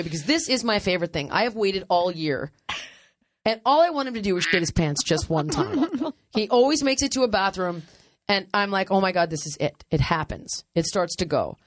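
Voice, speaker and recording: Brief: woman podcast host, lively storyteller who laughs a lot, dry close mic. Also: mid-range voice, no echo. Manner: animated, laughs often, acts out others' lines. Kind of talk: casual storytelling chat.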